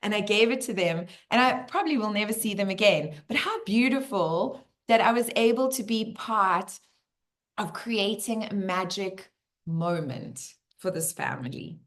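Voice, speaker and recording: Woman, middle-aged teacher, casual Q&A, lively storyteller who plays the quotes out. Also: medium pitch, measured pace. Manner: animated storyteller who acts out the voices she quotes. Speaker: teacher hosting a community Q&A. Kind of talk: casual community Q&A talk.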